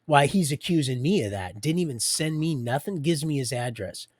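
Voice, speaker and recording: A man's voice: mid-range voice, expressive, moderate pace, dry recording, clean studio sound. A man hosting a livestream, rambling and preachy, talking straight to his viewers. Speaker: livestream host.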